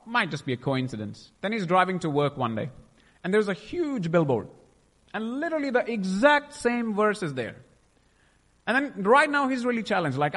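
A man's voice: fairly high pitch, a bit bright, in a large hall. A young man sharing a personal faith testimony, emotional and rambling, often stopping to restart his sentences. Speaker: testimony speaker.

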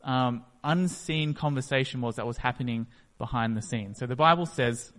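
A man's voice: medium pitch, normal speed, fairly bright tone. A man preaching a sermon, retelling a story and acting out its scenes. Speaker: pastor. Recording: echoey hall.

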